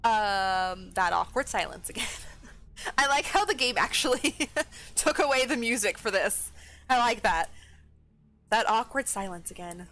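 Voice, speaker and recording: Animated, bright-voiced woman game streamer. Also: mid-range voice, a little slow. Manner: animated, chatty, thinks aloud. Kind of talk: casual let's-play commentary.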